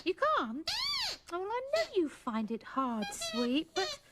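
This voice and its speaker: A woman's voice: high voice, wildly swooping pitch, a little slow. Coaxing woman presenting a puppet show. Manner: gentle, coaxing, talks to puppets like small children. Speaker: children's TV presenter. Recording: old VHS tape with music and hiss.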